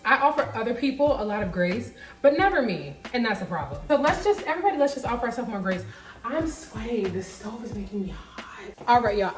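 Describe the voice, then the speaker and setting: A woman's voice: fairly high pitch, roomy sound. A young woman vlogging while she cooks at home, rambling candidly with lots of filler words. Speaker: cooking vlogger. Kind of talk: casual chat while cooking. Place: home kitchen.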